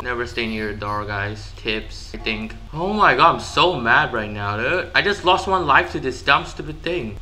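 A man giving live gameplay commentary, excitable and easily frustrated, with sudden yelps and outbursts. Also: medium pitch, normal speed, hardly any pauses, a little hiss or hum. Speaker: gaming YouTuber.

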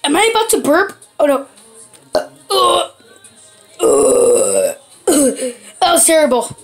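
A goofy male plush puppet who can't stop burping, voiced by a woman. The voice sits high and swings widely in pitch, fumbling through ums and stumbling restarts. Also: animated, moderate pace, faint music behind.

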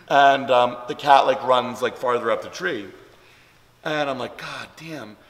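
A vlog host with a medium-pitched, slightly bright voice tells a story in an unhurried, fairly even way. He rambles casually, packing in lots of "like" and "um." The room is echoey, with a long reverb tail.

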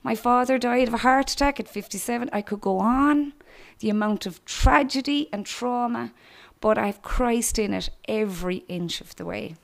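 Irish woman, middle-aged, church testimony speaker, earnest and direct, slightly high voice. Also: moderate pace, gravelly. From Ireland. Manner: earnest and direct, addressing young people. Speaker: guest speaker giving testimony.

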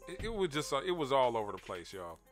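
A man with hosts a relaxed commentary video, chuckling and circling back over his words as he talks to his viewers. His voice sits in a middle pitch. Faint music plays behind him. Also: fast. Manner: laid-back, laughing, repeats words, addresses viewers directly. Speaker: commentary channel host.

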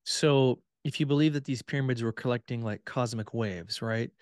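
A man's voice: mid-range voice, moderate pace, clear, resonant tone, no room sound. Man telling stories in a dry room. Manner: relaxed storytelling with many fillers. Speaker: podcast guest, tour guide. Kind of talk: casual chat.

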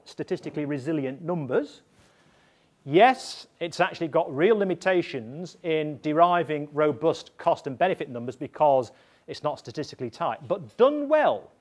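A man, an evaluation expert, explaining methods to practitioners in a deliberate, emphatic way, often checking in with his listeners. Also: fairly high pitch. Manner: emphatic, repeats points and checks in with "yeah?".

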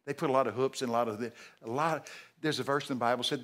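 Older man, Texan drawl, preacher, folksy sermon, sudden loud bursts. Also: medium pitch, quick pace. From Texas. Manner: folksy and emphatic, with sudden shouted exclamations.

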